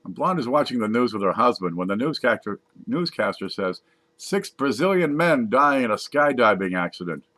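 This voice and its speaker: A man casually reading jokes aloud from a page, putting on higher voices for the punchlines. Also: very animated, moderate pace, a bit bright. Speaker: joke reader.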